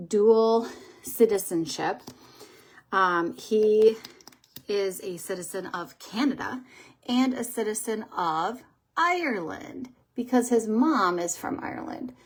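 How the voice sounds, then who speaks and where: A woman chatting casually on a livestream as she does her makeup, telling rambling stories as she goes. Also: medium pitch. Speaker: makeup artist and livestream host. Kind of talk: casual livestream chat while doing makeup.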